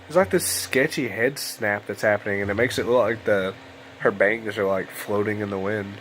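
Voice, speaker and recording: A man's voice: lowish voice, moderate pace, a bit bright, slight background noise, poor audio. A young man giving casual, rambling gameplay commentary at home late at night, sounding tired and yawning. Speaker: let's play host. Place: home room at a computer.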